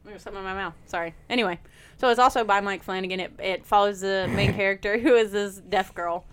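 A woman's voice: medium pitch, fairly even intonation, quick pace, noisy background. A woman guesting on a casual podcast, chatty and giggly, drifting into tangents. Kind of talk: casual chat.

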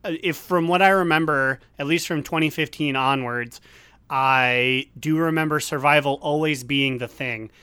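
Joking male co-host, higher voice, dry close mic. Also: fairly even intonation, moderate pace, bright, forceful tone, clean tone, no echo. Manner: joking, playful. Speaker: podcast co-host. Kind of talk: casual gaming chat.

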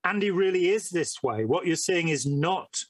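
A man's voice: sits high, expressive, normal speed, dry recording. A man talking casually as a podcast guest, telling stories in a rambling way with many fillers. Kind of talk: casual conversation.

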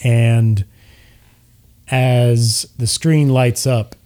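A man narrating as game master of a tabletop game in a relaxed, descriptive way. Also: medium pitch, extremely slow.

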